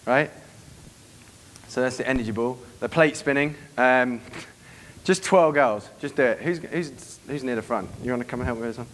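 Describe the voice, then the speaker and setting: A man's voice: medium pitch, normal speed, fairly bright tone. A man giving a live seminar talk to an audience, brash and profane, acting out bits of dialogue as he teaches. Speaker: dating coach giving a seminar.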